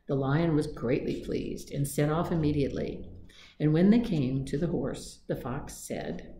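A woman with a low, mellow voice reads fairy tales aloud, her delivery gentle and steady like a storybook reading. The room around her sounds echoey, with a faint hum of ambience behind. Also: measured pace.

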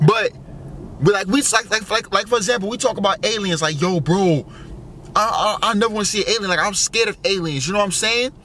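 High, bright-voiced young man musing aloud. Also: brisk, slight background noise. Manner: musing, full of fillers and profanity, wondering aloud. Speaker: vlogger. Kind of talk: casual rambling monologue.

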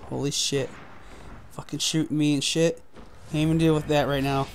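Male gaming host, high voice, profane running commentary. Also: little pitch movement, normal speed, a little hiss or hum. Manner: frustrated, profane trash talk. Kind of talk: gameplay commentary.

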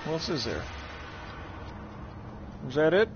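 A man casually commentating his gameplay on a live stream, profane and joking, talking from a warm room at home. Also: fairly high pitch, big pitch swings, takes it slowly, soft background music. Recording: muffled stream audio over game noise.

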